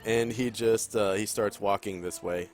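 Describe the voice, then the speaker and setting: A man running a tabletop game as game master, describing scenes haltingly with many ums and pauses. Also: fairly low pitch, steady tone, a little mellow, soft background music. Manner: halting, full of ums and throat-clearing.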